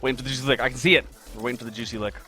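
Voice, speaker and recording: Brief: upbeat male streamer, bright voice, chatty and greeting viewers, light music underneath. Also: mid-range voice, steady tone, rapid-fire. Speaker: game dev artist streaming live. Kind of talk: casual live-stream chat while drawing.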